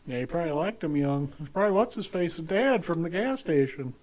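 A man's voice: on the high side, big pitch swings, a little fast, a little mellow. A man co-hosting a casual basement podcast, joking crudely and poking fun at himself. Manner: joking, profane, self-deprecating. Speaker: podcast co-host.

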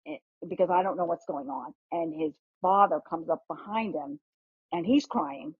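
A middle-aged woman, a guest host, telling a family story in casual chat, animated, with frequent restarts and casual swearing. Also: lowish voice, slightly rough, no room sound. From New York. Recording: muffled lo-fi podcast audio.

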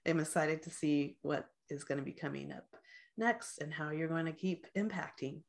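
A woman's voice: low-pitched, moderate pace, creaky. A woman hosting a podcast, chatting casually with her guest and laughing often. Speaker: podcast host. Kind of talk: casual interview chat.

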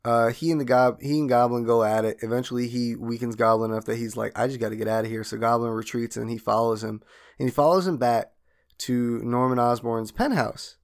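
Gravelly young man recapping a cartoon. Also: medium pitch. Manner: animated retelling with quick silly voices for characters. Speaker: podcast co-host. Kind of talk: casual chat recapping a cartoon.

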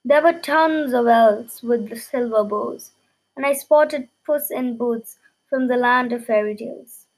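High-pitched woman reading a children's story in lively first person; light stumbles, read-aloud tone. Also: unhurried, rough recording.

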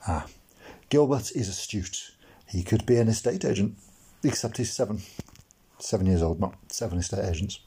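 A man's voice: fairly low pitch, moderate pace, long pauses, mellow, slightly rough. A man reading his own humorous memoir aloud for a blogcast, in a wry, mock-dramatic storytelling manner with comic asides. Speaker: blogcast narrator.

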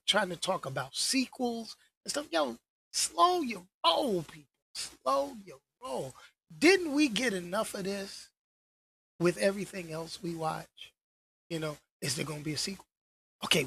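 A young woman talking straight to her audience in a casual vlog rant about movie news, her husky voice swinging up and down a lot. She's slangy and animated, loves repeating a phrase for effect, and keeps throwing in exasperated asides. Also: mid-range voice. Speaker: vlogger.

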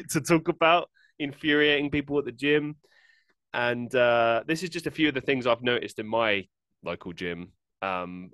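A man's voice: mid-range voice, no echo. A man hosting his own podcast, telling gym stories in a casual rant that swings between exasperated, sweary and laughing. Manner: animated, swearing and laughing while venting. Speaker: podcast host.

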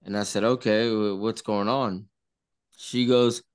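A man's voice: on the low side, steady tone, unhurried, clean tone. A man at a party telling a long story in a rambling way, repeating himself and acting out what others said. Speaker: party guest. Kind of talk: casual storytelling. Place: indoor party room.

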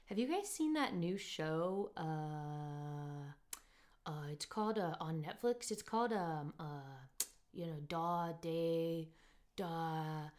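A woman imitating an awkward, drunk young man at a bar, speaking in a flat monotone, slowly and haltingly. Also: deep voice, pitched below the performer's own voice. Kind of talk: retelling a story in quoted speech.

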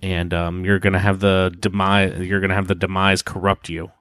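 A man chatting casually on a gaming podcast, laid-back, often pausing on ums while laying out a theory. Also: low-pitched, level tone, fairly bright tone, clean tone, no room sound, clean studio sound. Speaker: podcast co-host.

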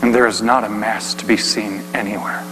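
A man preaching a dramatic story sermon, swinging between hushed delivery and shouting. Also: lowish voice, steady tone, fairly quick. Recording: long hall reverb, faint hum.

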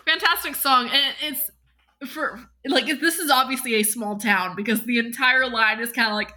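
A woman's voice: on the high side, sharp tone. A woman co-hosting a podcast, chatting casually and giggling as she recaps a musical. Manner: giggly, quick, acts out bits of scenes in chatty voices. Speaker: podcast co-host.

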